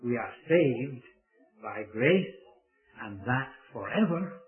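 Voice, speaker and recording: A man's voice: medium pitch, expressive, slow. A man preaching a sermon, emphatic, swelling and dropping his voice for stress. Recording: tinny phone-like sound.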